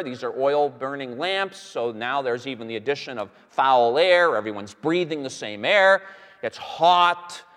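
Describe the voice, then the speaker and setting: A man teaching on a Bible passage to a live audience, telling it as an animated story with many fillers and restarts. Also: fairly high pitch. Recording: long hall reverb.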